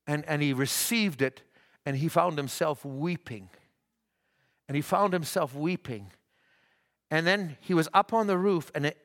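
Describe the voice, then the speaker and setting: Male pastor, fervent church sermon, slightly high voice, builds to shouts. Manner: fervent, rising to shouts, halting restarts.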